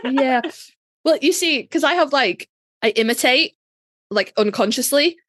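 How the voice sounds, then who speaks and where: A chatty woman with a Yorkshire accent, co-hosting a podcast with quick, self-mocking asides. Her voice sits fairly high. It sounds close and dry, with no room around it. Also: lively intonation, a bit bright, no echo. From Yorkshire, England. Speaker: podcast co-host. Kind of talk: casual chat.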